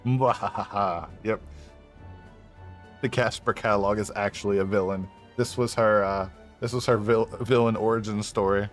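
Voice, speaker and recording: Over faint game music, a young man gives loose, rambling let's-play commentary on stream, laughing a lot and swearing. He speaks at a moderate pace in a lowish voice with a flat delivery.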